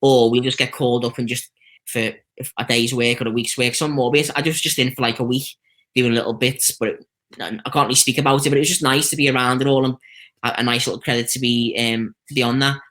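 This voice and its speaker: A fast-talking man with a medium-pitched voice and a Liverpool (Scouse) accent is a stuntman guest in a casual interview. He tells chatty stories and lively anecdotes, complete with quoted voices.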